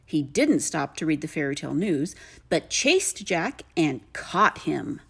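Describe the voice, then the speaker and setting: A woman reading a children's story aloud with a lively, lilting delivery. Her voice sits fairly low for a woman, yet it rises and falls widely through every sentence. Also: measured pace, vocal fry, husky. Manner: animated, lilting. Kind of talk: expressive read-aloud storybook narration.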